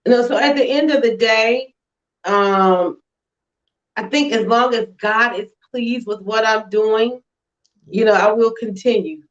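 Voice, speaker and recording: A comedian and grandmother talking as a guest on a talk show, animated and preachy, with stammering restarts. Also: on the high side, a little slow. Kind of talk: casual interview chat. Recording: dull lo-fi online show audio.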